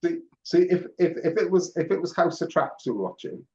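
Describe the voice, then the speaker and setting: A man's voice: fairly high pitch, expressive, fairly quick, mellow. A man in casual podcast chat, joking and repeating himself while he builds up to a punchline. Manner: stammering, joking, insistent. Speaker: podcast co-host. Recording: muffled lo-fi audio.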